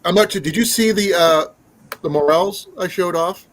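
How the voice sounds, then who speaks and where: A man's voice: high voice, moderate pace, low-quality recording. A man hosting a casual live stream, chatting in a rambling way with many fillers and restarts. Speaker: livestream host.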